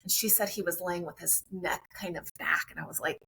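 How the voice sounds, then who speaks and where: A woman's voice: lowish voice, fairly even intonation, brisk, vocal fry, sharp tone, slight background noise, poor audio. A woman guest on a podcast, a friendly and chatty mother telling her own story in conversation.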